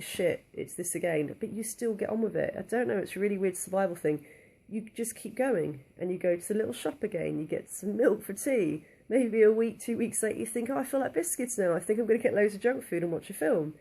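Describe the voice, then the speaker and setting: Young woman, candid chatty vlogger, mellow tone, slightly breathless and nasal from a cold. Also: medium pitch. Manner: candid, chatty, many "um" and "like" fillers. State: a bit out of breath, blocked nose from a cold. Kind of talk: casual talk to camera.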